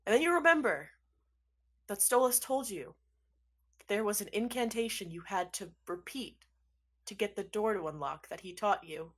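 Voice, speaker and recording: Game master, woman, mid-pitched, relaxed storytelling narration for a tabletop campaign. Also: moderate pace.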